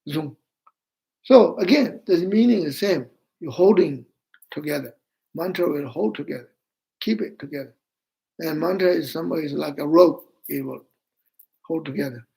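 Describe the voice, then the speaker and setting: A man with a Tibetan accent, a native Tibetan speaker, gives an online Buddhist teaching in a slow, halting way, with many fillers, and chants mantras slowly. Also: fairly high pitch, gravelly, mellow, poor audio.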